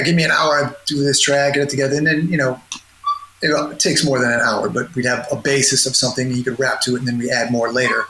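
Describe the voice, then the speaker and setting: A man's voice: medium pitch, bright, forceful tone. A middle-aged man, a music producer, telling loose stories in an interview, rambling with restarts and laughs. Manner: rambling, laughing, many restarts and quoted voices. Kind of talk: casual storytelling in a podcast interview. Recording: roomy sound with noticeable noise.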